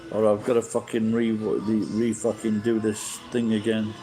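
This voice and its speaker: Mellow-voiced man, swearing freely. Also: lowish voice, monotone, moderate pace, soft background music, low-quality recording. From England. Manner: heavy swearing, blunt and opinionated. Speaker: livestream host. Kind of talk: rambling casual livestream chat.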